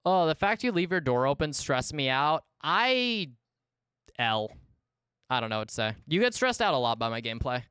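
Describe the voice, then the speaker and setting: A male streamer talking through his gameplay in casual live commentary, with a smooth, resonant voice at a middle pitch. He mutters to himself and to chat, then jumps into loud exasperated yelps. The sound is dry and close, with no room echo. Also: animated, a little fast. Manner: talks to himself and chat, exasperated outbursts, swings between loud yelps and mumbling.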